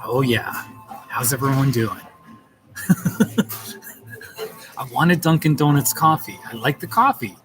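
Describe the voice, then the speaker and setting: A man in a coffee shop talking to his live-stream viewers in a mid-pitched, easygoing voice. He is playful and chuckles often as he greets people in the chat by name. Music plays clearly behind him. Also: takes it slowly, long pauses, low-quality recording.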